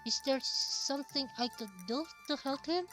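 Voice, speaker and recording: A woman's voice: high-pitched, normal speed, bright, forceful tone, soft background music. A woman voicing a timid, kind young female puppeteer who speaks earnestly and eagerly.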